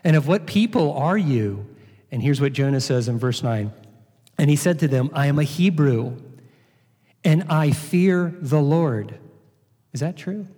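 Male preacher, mellow and dark-toned, sermon with scripture readings, long hall reverb. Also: on the high side, lively intonation, measured pace, long pauses, husky. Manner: reads scripture aloud, then explains with rhetorical questions.

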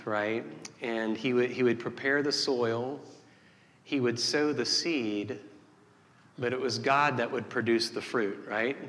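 A man's voice: medium pitch, a bit bright. A man preaching a sermon as pastor, telling a joke and a story in a folksy way with many restarts. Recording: long hall reverb.

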